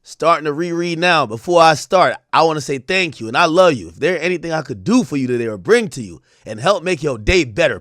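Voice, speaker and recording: Loud, profane man reacting on stream. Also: fairly high pitch, animated, fairly quick, few pauses, no echo, studio quality. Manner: loud, profane, laughing, mocking voices while reading texts aloud. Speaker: streamer reacting to trial texts. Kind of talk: livestream reaction commentary.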